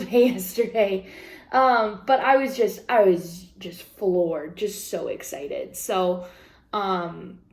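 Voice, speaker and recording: A young woman chats on her craft vlog in an excitable, gushing way. She swears casually and drops plenty of "like" and "um" fillers. Her voice sits at an ordinary middle pitch. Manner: bubbly and excitable, swears casually, lots of 'like' and 'um'. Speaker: vlogger and small craft business owner. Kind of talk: casual chatty vlog talk.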